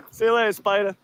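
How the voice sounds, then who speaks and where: A man with a high-pitched, slightly bright, clean voice films outdoors on a handheld phone. As the host of these street encounters, he taunts people in a profane, combative way.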